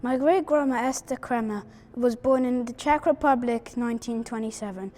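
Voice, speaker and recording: A woman's voice: on the high side, normal speed, mellow, faint music behind. A woman reading a prepared family account aloud at a memorial event, careful with small stumbles.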